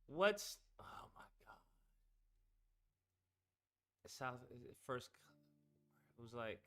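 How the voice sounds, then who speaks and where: A man chatting casually on a live stream, with a bright, forceful voice that swings widely up and down in pitch. He rambles and swears as he talks to his viewers, with faint music playing under him. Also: very animated, slow. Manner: rambling and profane, talking to chat. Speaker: streamer host.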